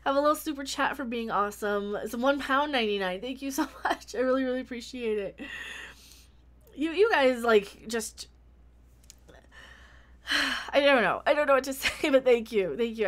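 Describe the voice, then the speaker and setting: A woman's voice: on the high side, fairly quick. A woman hosting her own livestream in casual chat, talking freely with many restarts and thanking viewers by name. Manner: chatty, thanks viewers warmly, frequent restarts. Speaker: YouTube channel host.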